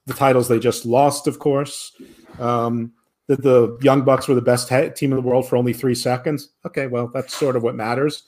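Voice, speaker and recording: A man co-hosting a podcast, recapping wrestling in a rambling, sarcastic way and mimicking the people he quotes. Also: medium pitch. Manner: rambling, sarcastic, animated when quoting others. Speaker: podcast co-host. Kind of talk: casual wrestling recap chat.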